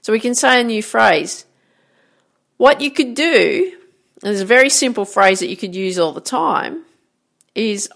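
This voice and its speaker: A woman coaching her listeners through a motivational talk, with a gravelly fry running through her mid-pitched voice. She talks in an encouraging, conversational way, often checking in with a quick question. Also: lively intonation, fairly bright tone. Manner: encouraging, repeats "right?" and "guess what?". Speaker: golf and life coach.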